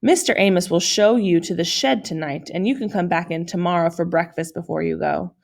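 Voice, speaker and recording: A woman's voice: lowish voice, a little fast, gravelly. A woman reading the part of a stern, pompous middle-aged foster mother who speaks in a haughty, formal way. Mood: scolding.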